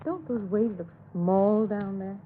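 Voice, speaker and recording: A woman's voice: mid-range voice, a little slow, close to an everyday voice. An actress playing a nervous young woman, a gangster's girlfriend, in a 1930s radio drama. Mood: anxious. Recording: narrow lo-fi old radio recording with faint hiss.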